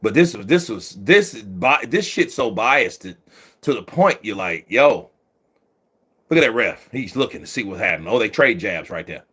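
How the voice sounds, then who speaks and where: A man giving profane, excitable live commentary while watching a boxing match, often shouting at the referee. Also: on the low side, normal speed, slightly rough.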